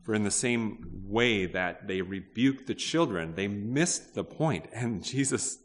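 A man with a very low voice preaches a sermon to his congregation. He talks in a conversational way, asks questions and restarts his sentences. His voice rings with the long reverb of a big hall. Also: lively intonation, slow, a little hiss or hum. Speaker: pastor.

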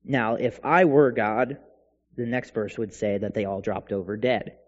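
A man's voice: lowish voice, measured pace. A man preaching a sermon, animatedly retelling a scripture passage and voicing its speakers in dialogue. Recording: dull sound with long hall reverb.

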